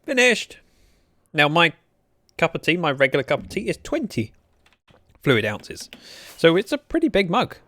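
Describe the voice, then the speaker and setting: A man's voice: on the high side, huge pitch swings, normal speed, long pauses, a bit bright, dry recording, studio quality. A young man streaming a block-building game, chatting and joking with his viewers as he plays. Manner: chatty, joking, reads out chat messages. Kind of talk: casual livestream chat while playing.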